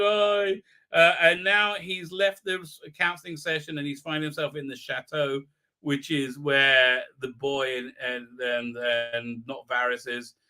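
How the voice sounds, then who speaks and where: Filled with fillers and false starts, this live-stream recap has a man ridiculing a TV episode and performing its quotes in funny voices. He sounds fairly high-pitched, bright, and forceful, and his tone comes through clean.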